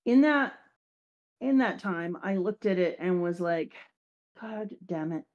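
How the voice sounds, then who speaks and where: A woman hosting a casual talk show, recapping an anime episode in lively chat and briefly acting out the characters' lines. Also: fairly low pitch, measured pace, highs cut off. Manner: animated, acts out character lines. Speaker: podcast host.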